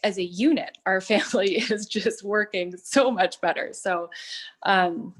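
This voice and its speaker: A woman in her thirties telling her personal story in a testimonial, earnest and halting, with many fillers and restarts. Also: medium pitch. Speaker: product testimonial speaker.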